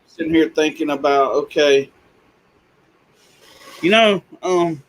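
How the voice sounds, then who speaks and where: A man's voice: on the high side, takes it slowly, rough recording. A man chatting casually as a regular on a live stream, blunt and folksy in his remarks. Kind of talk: casual chat. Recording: faint ambient noise.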